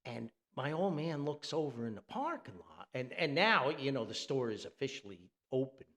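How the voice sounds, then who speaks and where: Chuckling, rambling humorous storyteller from New Jersey, male, gravelly tone. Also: medium pitch, moderate pace. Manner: animated, chuckling, rambling asides. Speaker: podcast storyteller.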